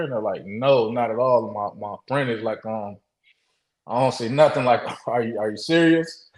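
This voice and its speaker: A man guest telling a story in casual talk. He speaks haltingly, with many restarts, and acts out the quotes. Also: mid-range voice, echoey room, low-quality recording. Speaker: interview guest.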